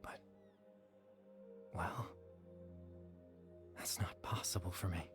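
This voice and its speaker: A calm young man from memory. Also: deep voice, in a whisper. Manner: calm, measured explanations. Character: gentle young man who lives only in memories. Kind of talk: game cutscene voice acting. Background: faint game music.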